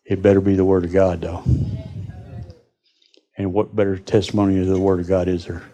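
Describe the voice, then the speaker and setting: A man's voice: sits low, level tone, a little fast, dark tone. A man preaching a folksy sermon to his congregation in church. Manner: folksy, addresses the congregation directly. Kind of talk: sermon storytelling.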